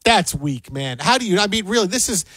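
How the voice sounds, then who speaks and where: A man's voice: high-pitched, a little fast, slightly rough, dry recording. A man co-hosting a podcast, rambling through casual sports banter with lots of restarts. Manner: animated, rambling with repeated restarts.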